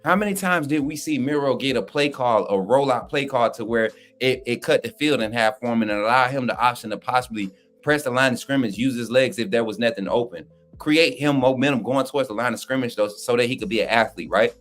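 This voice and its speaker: A man's voice: medium pitch, fairly quick, faint music behind. Fired-up man trash-talking on a stream. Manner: animated, trash-talking chat, slangy. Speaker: livestream co-host. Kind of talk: casual fired-up sports talk.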